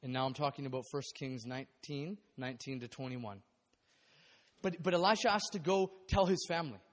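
A man preaching a sermon, animated and acting out the voices of the people in the story. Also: medium pitch, a little fast. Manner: animated, acts out biblical voices. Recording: long hall reverb.

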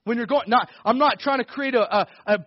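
A man preaching a sermon in a lively, conversational way, with bursts of shouting and frequent laughs. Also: extremely high pitch, fairly quick, highs cut off. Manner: conversational, with laughs and self-corrections. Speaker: pastor.

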